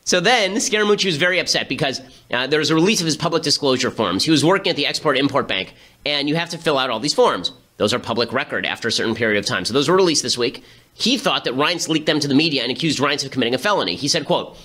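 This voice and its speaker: Bright, sarcastic male commentary host. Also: medium pitch, expressive. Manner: fast, sarcastic and incredulous. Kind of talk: rapid political commentary monologue.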